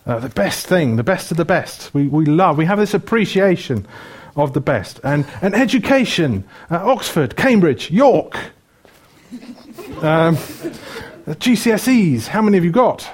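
A middle-aged Welsh preacher speaks at a measured pace in a slightly high, slightly rough voice that's very animated. His sermon is chatty and playful, with lists full of ums.

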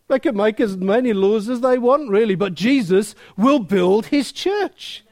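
A man preaching a sermon, animated and emphatic, slowing down and getting loud to drive points home. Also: sits high.

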